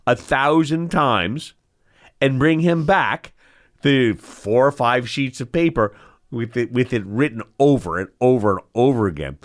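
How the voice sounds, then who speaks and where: A man's voice: medium pitch, normal speed. A man, an eye surgeon, telling stories from his training in a podcast chat, acting out the people he quotes. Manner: animated storyteller, acts out quotes. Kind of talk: storytelling in a podcast conversation.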